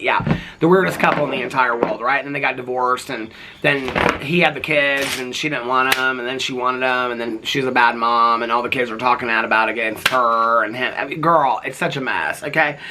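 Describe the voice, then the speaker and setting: A man's voice: medium pitch, bright, forceful tone, a little hiss or hum. A man giving casual, gossipy commentary on reality TV, chatty and sassy, who keeps checking in with "okay?".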